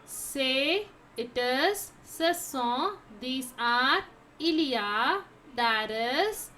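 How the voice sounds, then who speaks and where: This high-voiced French teacher runs a slow, repetitive vocabulary lesson in an expressive, sharp tone. She repeats each word multiple times and wonders aloud "how to pronounce?", with a slight hiss or hum on the recording.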